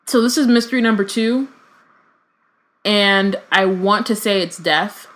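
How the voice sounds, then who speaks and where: A woman's voice: medium pitch, measured pace, long pauses, fairly bright tone. A woman reading a novel aloud and chatting casually, with many fillers and self-corrections.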